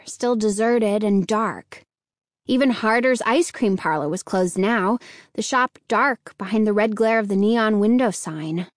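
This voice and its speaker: A woman reading a children's story aloud in slow, measured narration. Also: on the high side, dry recording, clean studio sound.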